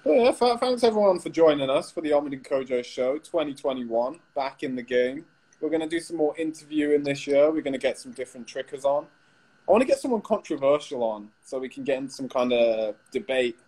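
A young man co-hosting a casual chat show, relaxed and teasing in his banter. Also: medium pitch, fairly quick, poor audio. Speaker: co-host.

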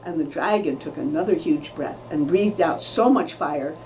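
A woman teacher reading a children's story aloud with expressive storytelling, recorded with a distant mic and faint noise. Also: deep voice, moderate pace.

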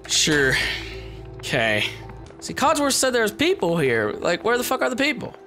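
Excitable shouting let's-play man. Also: sits high, moderate pace. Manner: excitable, shouty, swears a lot. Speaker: gameplay commentator. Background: game music.

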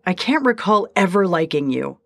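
A woman's voice: lowish voice, very animated, moderate pace, creaky, fairly bright tone, dry recording, studio quality, full character voice. A woman voicing a proud, prickly young village woman who speaks curtly. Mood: curt spiteful. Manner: curt, through clenched teeth.

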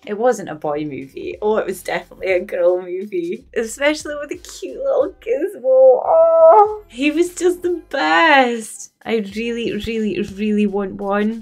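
A woman in her thirties, hosting a movie reaction in a gushing, exclamatory way and thinking out loud. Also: mid-range voice. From Scotland.

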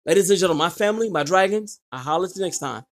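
A man hosting his gaming channel, giving live gameplay commentary in an excitable, slangy way and yelling at his teammates. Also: sits high, racing.

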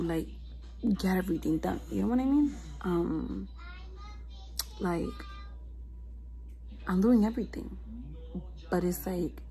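Stressed young mom-type vlogger, lowish voice, rambly, says like a lot. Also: female voice, warm tone, rough recording. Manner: rambling, fillers like "like" and "you know what I mean". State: stressed and low. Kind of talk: casual confessional vlog.

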